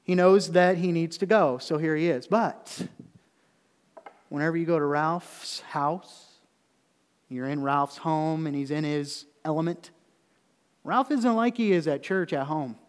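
A man delivers a sermon with a fairly high voice, talking to the congregation like a conversation before lifting into emphatic peaks. The sound hangs in a long church reverb. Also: a little slow, clean tone. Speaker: pastor. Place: church sanctuary.

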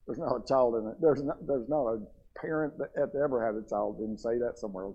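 A man preaching a sermon in a church, fervent, swinging between loud and quiet. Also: mid-range voice, a little fast, husky, highs cut off. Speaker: pastor.

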